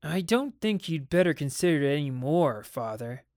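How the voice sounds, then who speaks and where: A man's voice: fairly high pitch, sing-song, normal speed, darkish tone, no room sound, studio quality. A man playing a cold, defiant spoiled boy. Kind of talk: dramatic audiobook reading.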